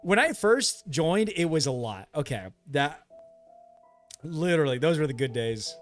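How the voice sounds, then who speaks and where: A high-pitched man chats casually through a late-night gameplay stream, teasing and bantering with his viewers. He jumps and yelps when something startles him, and faint music plays underneath. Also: lively intonation, measured pace. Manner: joking, reads and answers chat. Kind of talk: casual live gameplay chat.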